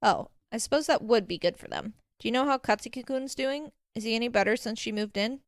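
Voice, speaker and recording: A woman voicing a gentle, concerned middle-aged mother. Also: fairly high pitch, fairly quick, no echo, clean studio sound, natural voice. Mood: caring.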